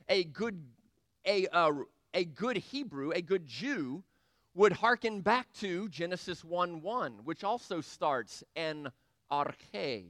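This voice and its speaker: A man with a high voice delivers a sermon, quoting scripture and acting out both sides of conversations in an animated way. The sound is dry and close, with no room echo. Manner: animated, quotes scripture and acts out dialogue. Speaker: preacher.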